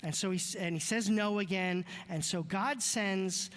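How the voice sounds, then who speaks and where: Brief: male pastor, fairly high voice, loose joking sermon style, long church-hall reverb. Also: moderate pace, a bit bright. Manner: joking, conversational, chatty asides. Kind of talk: casual sermon. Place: church sanctuary.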